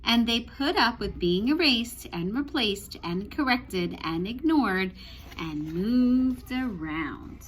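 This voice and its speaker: A woman teacher reading a picture book aloud to children, with expressive storytelling and small asides. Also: a little high, slow.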